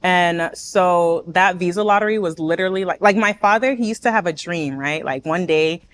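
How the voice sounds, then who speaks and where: A young woman born in Nigeria and raised in the States, chatting as a guest and telling her story with animated laughs. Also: lowish voice, moderate pace. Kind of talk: casual chat.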